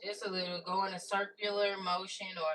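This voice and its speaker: A woman's voice: mid-range voice, level tone, a little fast, fairly bright tone. Chatty woman cooking at home. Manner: chatty, folksy, talks straight to viewers with "y'all" and "baby". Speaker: cooking vlogger. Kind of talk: casual cooking tutorial. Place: home kitchen. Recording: slightly distant mic with faint noise.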